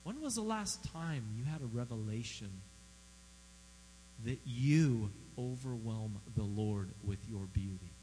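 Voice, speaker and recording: A man preaching a sermon, emphatic and animated, asking his audience questions. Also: medium pitch, slow, in a large hall, slight background noise, poor audio. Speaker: pastor.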